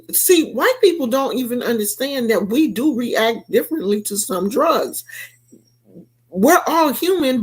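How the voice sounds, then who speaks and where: Woman, casual rant, sassy and emphatic, slow unhurried delivery, fairly high voice. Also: breathy edge. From United States. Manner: sassy, emphatic, quotes people in raised voices. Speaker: vlogger. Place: California.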